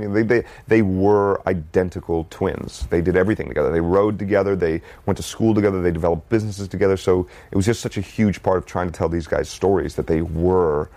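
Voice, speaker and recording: A man's voice: sits low, quick pace, few pauses, a little mellow, no echo. A man talking as a guest in a casual interview, easygoing and rambling, with frequent restarts. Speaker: actor guest.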